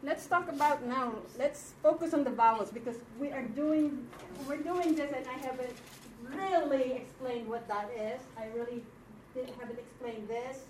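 A woman teaching a Hebrew class in a classroom, slow and patient, often checking that her students follow. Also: sits high. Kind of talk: classroom lecture. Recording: echoey room from far off, faint noise.

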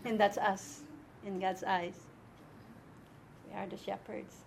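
A woman's voice: medium pitch, flat delivery, takes it slowly, creaky, a little hiss or hum. A woman teaching an informal Bible and Hebrew lesson to a small group, explaining step by step and often checking that her listeners follow.

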